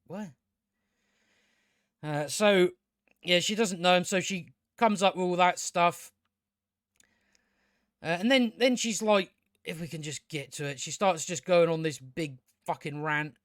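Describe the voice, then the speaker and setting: A man's voice: sits high, a little slow, long pauses, no room sound, clean studio sound. A young man ranting through a casual TV review, exasperated, sweary and repeating himself. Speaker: TV review vlogger.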